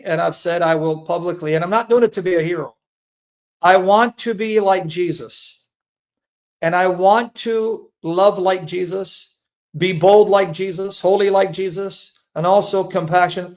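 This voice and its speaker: A man speaking earnestly and emotionally to his viewers, a Christian apologist who repeats himself and calls them brethren. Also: high-pitched. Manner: earnest, repetitive, addresses listeners as brethren.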